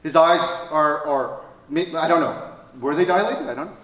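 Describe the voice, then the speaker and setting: A man telling a personal story at a live show, swinging between loud excited bursts and quiet somber lines. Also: on the high side, moderate pace, highs cut off. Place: stage at a live radio show. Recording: echoey stage from a distance, faint room noise.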